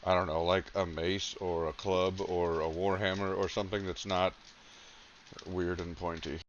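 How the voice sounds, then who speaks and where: Deep-voiced player on a dull mic. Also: male voice, little pitch movement, moderate pace, a little hiss or hum. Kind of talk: casual tabletop play.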